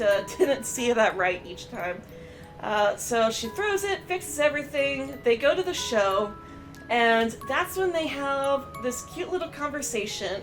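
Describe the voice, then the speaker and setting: A high-pitched woman talks through a cartoon episode in a loose, chatty recap. She stays animated and fills her sentences with "uh" and "you know". Faint music plays softly behind her voice. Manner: chatty, animated, with many fillers and quick quoted voices. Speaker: streamer reviewing a cartoon episode. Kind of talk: casual reaction and recap.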